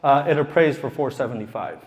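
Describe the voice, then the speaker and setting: A man's voice: mid-range voice, very animated, fairly quick, muffled recording. A man who is a real estate investor tells a casual, profane story to a live audience in a room, laughing as he goes. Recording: long hall reverb.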